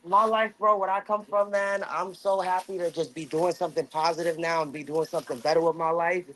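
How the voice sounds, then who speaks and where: A man's voice: a little high, fairly even intonation, fairly quick, fairly bright tone, slight background noise, poor audio. A man who owns a deli, talking earnestly and upbeat about his family business while serving customers. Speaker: deli owner. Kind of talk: casual chat while serving.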